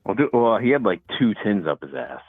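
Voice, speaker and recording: Man, caller, very low voice, tinny phone sound, laid-back rambling storyteller. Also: very animated, a little fast, slightly rough, no echo, soft background music. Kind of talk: casual phone call.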